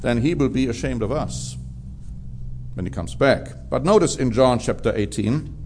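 A man's voice: medium pitch, normal speed, a little mellow, slight background noise. A man preaching a sermon, drawing out key words for emphasis.

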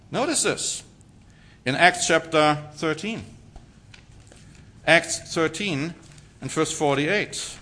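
Emphatic bright-voiced male preacher. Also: a little high. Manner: emphatic, rhetorical questions, reads scripture aloud. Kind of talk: sermon.

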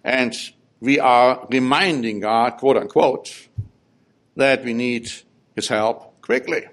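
A male preacher delivering a sermon at a slow, measured pace. He reads scripture verses aloud and comments on them, and his voice climbs on the urgent pleas. His voice sits at a middle pitch. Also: a bit bright.

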